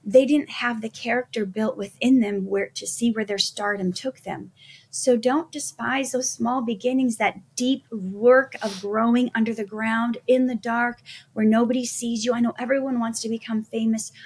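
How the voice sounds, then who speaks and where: Woman guest, middle-aged, slightly high, breathy, earnest storyteller. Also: fairly even intonation, normal speed. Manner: earnest, faith-focused storytelling. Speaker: guest actress. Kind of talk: conversational interview.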